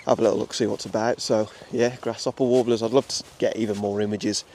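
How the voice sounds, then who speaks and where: A young wildlife photographer with an English Midlands accent chats quickly as he films a walk through a nature reserve, stumbling through fillers and restarts. His voice is on the low side, steady and a little mellow. Slight hiss or hum sits under the recording.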